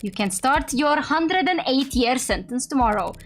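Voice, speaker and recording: A woman's voice: sits high, animated, soft background music. A woman reading as a brash, teasing lawyer. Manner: wry, teasing, quick. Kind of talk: reading visual novel dialogue aloud.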